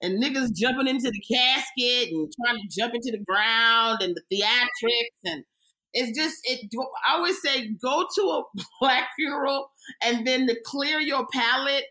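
Bright-voiced woman comedian chatting. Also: unhurried. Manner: animated storytelling, bursts into high mock-wailing impressions. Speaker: comedian guest. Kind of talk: casual podcast chat.

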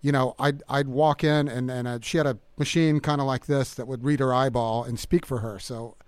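A middle-aged man talking as a guest musician in a casual interview, halting with many fillers and restarts. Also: mid-range voice, steady tone, darkish tone, smooth, no echo.

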